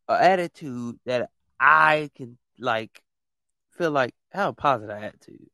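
A podcast host scolds his listeners in a heated, repetitive monologue. His voice sits at an ordinary pitch. The sound is dry and close, with no room echo. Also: lively intonation, measured pace, creaky, pushed and bright. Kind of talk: ranting monologue.

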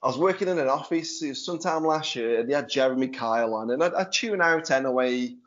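A man with a Stoke-on-Trent accent hosts a podcast in easygoing chat. His voice sits at a medium pitch, and he talks in a chatty way and laughs easily. The audio sounds dull and lo-fi. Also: expressive, fast talker, a bit bright. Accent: Stoke-on-Trent English. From Stoke-on-Trent, England. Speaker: podcast host. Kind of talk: casual chat.

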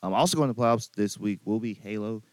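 A young man with a lowish voice hosts a college esports show, rattling off results and shout-outs at a rapid clip. His upbeat, casual delivery is recorded dry and close, with no room sound. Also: dry recording. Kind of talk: casual chat and weekly recap.

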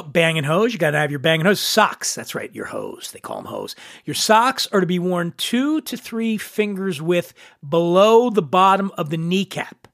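Male podcast host, crude mock-macho comic bits, gravelly, bouncing pitch, dry close mic. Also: fairly bright tone, no room sound. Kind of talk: comedic monologue.

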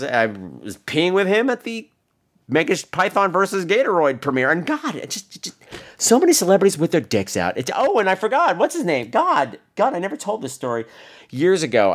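A middle-aged man hosting a podcast, telling bawdy stories in a campy, rambling way. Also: a bit bright. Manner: campy, bawdy, swings into high mocking voices. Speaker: podcast host. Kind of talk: rambling comic storytelling.

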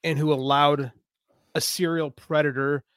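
A man's voice: fairly high pitch, level tone, a little slow, fairly bright tone, dry recording, clean studio sound. A man co-hosting a casual podcast chat, impassioned and a bit preachy, telling stories as he goes. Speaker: podcast co-host.

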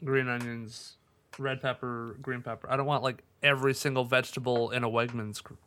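Bright-voiced laughing podcast guy. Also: mid-range voice, flat delivery, a little fast, clear, resonant tone. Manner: laughs often, jokey, rambling with fillers. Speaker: podcast co-host. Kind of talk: casual chat.

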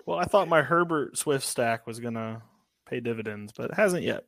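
A man's voice: medium pitch, lively intonation, normal speed, vocal fry, a bit bright, no echo. A man co-hosting a podcast in a casual, easygoing way, steering the talk along. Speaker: podcast co-host.

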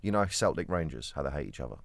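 A man's voice: very deep voice, sing-song, very fast, creaky, no room sound. Chatty young man from Kent. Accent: southern English. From Kent, England. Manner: chatty, rambling, playful. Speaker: podcast co-host. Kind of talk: casual chat.

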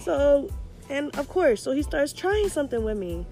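Animated young woman telling a story. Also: high voice, normal speed, soft background music. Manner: animated, profane, acts out voices in quotes. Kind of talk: casual storytelling chat.

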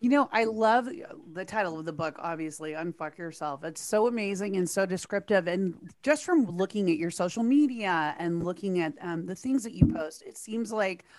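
A woman's voice: lowish voice, animated, moderate pace, few pauses, no room sound. A woman co-hosting a podcast, enthusiastic and playfully profane in casual chat. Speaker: podcast co-host.

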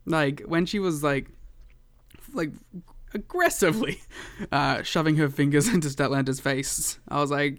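Man, podcast co-host, rambling, lots of fillers, laughs often, smooth tone. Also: on the high side, moderate pace, a bit bright. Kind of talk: casual wrestling chat.

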